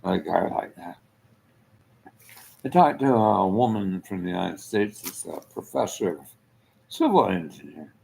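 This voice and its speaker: A man's voice: low-pitched, big pitch swings, unhurried, vocal fry, long pauses, mellow, a little hiss or hum, poor audio. A man giving a rambling casual monologue, trailing off mid-thought and chuckling often.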